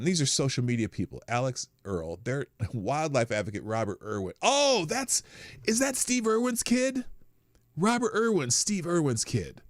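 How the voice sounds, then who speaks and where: A man talking through his morning live stream in a lively, up-and-down voice, greeting chat viewers and tossing off wry asides. The sound is dry and close to the mic, with no room around it. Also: medium pitch, no echo.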